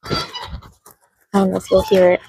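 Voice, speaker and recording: A woman's voice: mid-range voice, wildly swooping pitch, takes it slowly, a little mellow, slightly rough, dry recording, poor audio. A woman livestreaming as she walks through a park outdoors, chatting and greeting viewers by name, recorded on a handheld phone. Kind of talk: casual livestream chat.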